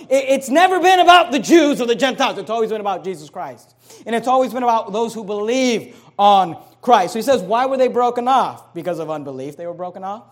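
A man preaching a sermon as pastor, emphatic, with sudden swings between loud passages and hushed ones. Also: extremely high pitch.

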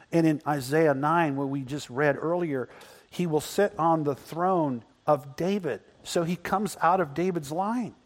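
A man preaching a sermon to a congregation, telling Bible stories in an animated way that swings from loud, excited passages to hushed, quiet ones. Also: fairly high pitch, big-room sound. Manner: animated storytelling, acting out biblical characters, swings between loud and hushed. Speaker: pastor. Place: church building before a congregation.

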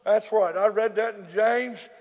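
A man preaching a sermon, swinging between loud shouted cries and low, quiet storytelling. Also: fairly even intonation, unhurried, lo-fi sound. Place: church. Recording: echoey hall with faint congregation.

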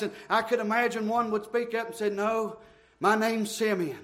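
Fervent high-voiced preacher. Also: male voice, fairly even intonation, normal speed. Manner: fervent, breathless, shouting in bursts. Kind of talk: sermon.

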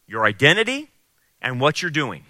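A man's voice: mid-range voice, huge pitch swings, moderate pace, sharp tone, no room sound. A man preaching a sermon as pastor, emphatic and repeating key phrases for stress. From California.

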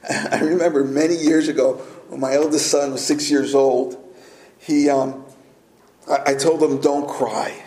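A middle-aged man preaching a sermon as pastor, earnest and deliberate, with filler words. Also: fairly high pitch, little pitch movement, mellow. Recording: echoey room.

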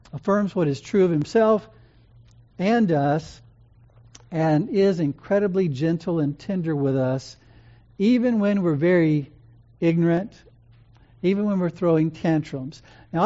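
An earnest preacher with a warm, mellow tone speaks in a gentle, measured way, pausing often. The recording sounds dull and lo-fi. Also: medium pitch. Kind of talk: sermon.

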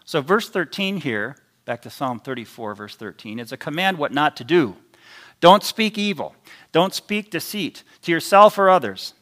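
A man preaching a sermon in a deliberate, emphatic way, his loudness rising and dropping sharply for stress. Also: fairly high pitch, very animated.

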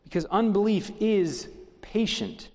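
A man's voice: high-pitched, lively intonation, unhurried, a little mellow, in a large hall. A middle-aged man preaching a sermon as pastor, driving home his points with strings of rhetorical questions.

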